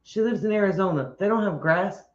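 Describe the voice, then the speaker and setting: A man with a notably high voice chats casually as co-host, joking around and laughing easily. The recording is roomy and slightly muffled. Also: fairly quick, a little hiss or hum. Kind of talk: casual chat.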